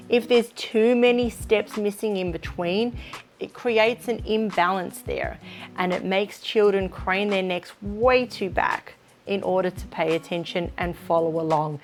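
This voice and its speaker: A woman speaks to early childhood educators with practical, encouraging advice. Her voice sits at an everyday middle pitch, and soft music plays faintly beneath her talk. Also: unhurried. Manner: practical, encouraging, demonstrates read-aloud intonation. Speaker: early childhood teacher trainer. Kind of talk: instructional video talk.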